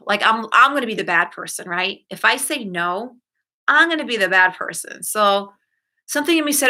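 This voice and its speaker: This self-help host is a middle-aged woman with a mid-range voice, lively intonation, and a sharp tone, talking fairly quickly. In her casual solo chat she rambles, corrects herself, and performs quoted lines in an altered voice.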